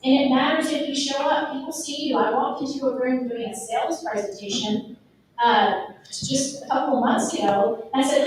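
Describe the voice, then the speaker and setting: High-voiced Texan woman in an echoey room. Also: brisk, distant mic, a little hiss or hum. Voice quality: lively and emphatic, addressing the crowd directly. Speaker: speaker at a real estate event. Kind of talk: motivational talk to an audience. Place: event room.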